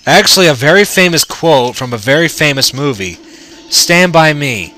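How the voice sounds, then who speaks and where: A man's voice: fairly high pitch, expressive, normal speed, pushed and bright, soft background music. A man giving casual, rambling, profane commentary while playing through a video game. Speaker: let's play gamer.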